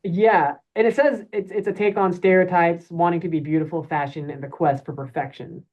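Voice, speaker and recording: Animated chatty man, lo-fi sound. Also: on the high side, brisk. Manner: animated, chatty, jumps in with reactions. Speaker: podcast co-host, band member. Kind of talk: casual album discussion.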